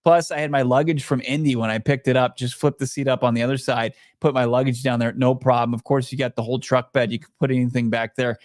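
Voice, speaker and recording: A man's voice: medium pitch, fairly even intonation, fast, few pauses, no echo. Casting: chatty male podcast co-host, upbeat, dry close sound. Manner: chatty, enthusiastic salesman-like ad reads. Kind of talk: casual sports podcast chat.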